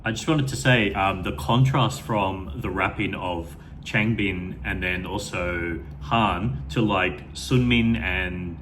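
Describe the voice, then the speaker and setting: Guy with a lowish voice gushing through a reaction vid, lots of um and like, faint hiss behind. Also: slow pace, few pauses, a bit bright. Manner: enthusiastic, rambling, many fillers and restarts. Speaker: music video reactor. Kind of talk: unscripted first-time reaction commentary.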